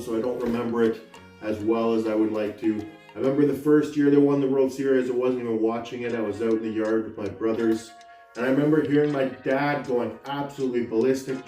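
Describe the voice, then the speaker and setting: A man gushing excitedly in a casual vlog as a sports card collector, with sudden bursts of shouting. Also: medium pitch, a little fast. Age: 30s. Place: room at home. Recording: roomy echo, mic at a distance, faint music.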